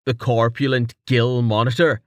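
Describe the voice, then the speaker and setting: A man's voice: mid-range voice, level tone, moderate pace, no echo, natural voice. A man voicing a stern male warrior who speaks bluntly.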